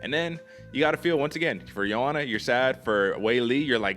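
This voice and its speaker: A man's voice: mid-range voice, animated, brisk, a bit bright, faint music behind. A man hosting a casual sports podcast, talking energetically and emphatically to his co-host.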